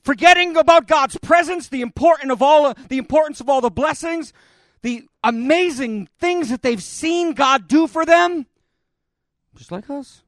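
A man preaching a sermon, dramatic and expressive as he retells a scripture scene. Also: very high voice, normal speed, dry recording, studio quality. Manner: dramatic, voices God and Moses in the retelling.

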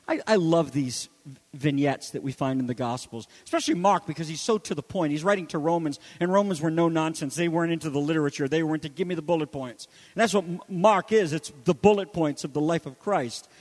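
A man preaching with a high-pitched voice, rising to loud emphasis and dropping to hushed asides. The sound carries a long reverb. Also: a little fast. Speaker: pastor. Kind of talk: sermon.

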